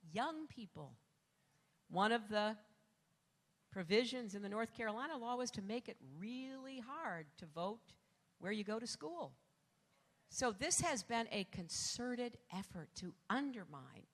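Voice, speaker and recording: An older woman delivers a campaign rally speech with a bright, forceful voice, climbing into shouts on her strongest lines. Her words ring through the long echo of a large hall. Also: fairly high pitch. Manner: rousing, rising to shouts on key lines. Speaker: political candidate.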